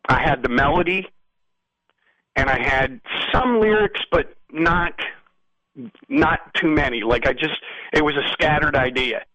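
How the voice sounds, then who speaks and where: Bright, animated man telling stories. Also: fairly high pitch, a little slow, long pauses, no room sound, low-quality recording. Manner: rambling, animated storytelling; frequent "you know what I mean". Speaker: musician guest. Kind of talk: casual storytelling interview.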